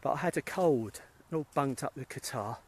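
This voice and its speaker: A man's voice: medium pitch, lively intonation, normal speed, a little mellow, slight background noise. A middle-aged British man, a spiritualist medium, chatting casually and rambling as he greets viewers by name during a phone live stream while walking outdoors through a cemetery. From England. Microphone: phone held while walking.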